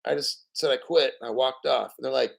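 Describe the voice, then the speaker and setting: A hoarse man hosting a livestream, talking in a blunt, profane, rambling way and clearing his throat often. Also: mid-range voice, fairly quick, rough recording. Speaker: livestream host. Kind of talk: casual livestream talk.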